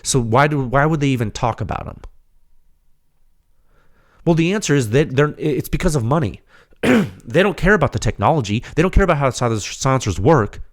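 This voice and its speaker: A man hosting a podcast, slightly hoarse and losing his voice, giving an emphatic, rhetorical unscripted technical monologue straight to his audience. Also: medium pitch, animated, a little fast. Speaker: podcast host, firearms silencer researcher.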